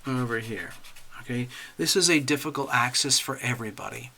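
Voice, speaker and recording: Chatty gravelly-voiced man hosting a livestream. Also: medium pitch, brisk, a little hiss or hum. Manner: chatty, animated, addresses viewers directly. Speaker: astrology livestream host. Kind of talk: casual live-stream chat while drawing charts.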